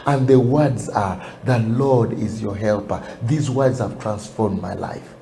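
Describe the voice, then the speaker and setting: A man's voice: lowish voice, takes it slowly, vocal fry. A man preaching and praying earnestly on a television broadcast, often repeating his words. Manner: earnest, repeats words, rises loud and excited toward the song. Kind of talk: sermon and prayer. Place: TV studio.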